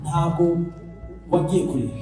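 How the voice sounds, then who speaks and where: A man interpreting a church testimony live, repeating each sentence quickly after the speaker. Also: fairly high pitch, mellow. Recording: echoey hall, mic far off, faint music.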